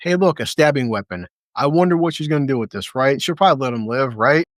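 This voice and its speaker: A man's voice: mid-range voice, animated, fast, no echo. Male reviewer, mid-range voice, dry close sound, casual and foul-mouthed. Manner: blunt, swears a lot, re-enacts scenes in quoted voices. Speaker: TV episode reviewer. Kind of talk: casual profane reaction commentary.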